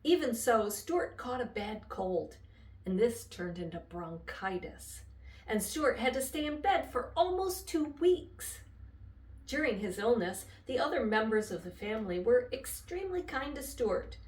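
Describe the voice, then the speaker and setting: An older woman reading a children's chapter book aloud with expressive, lively storytelling. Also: fairly high pitch, a little slow. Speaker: storybook reader. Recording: echoey room, voice from a distance.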